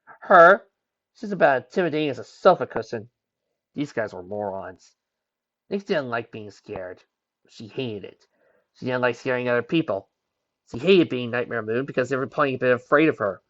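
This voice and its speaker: A man's voice: mid-range voice, lively intonation, brisk, lo-fi sound. A man reading a pony fan story aloud, voicing each character's lines in turn. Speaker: fanfiction reader. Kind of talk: storybook narration.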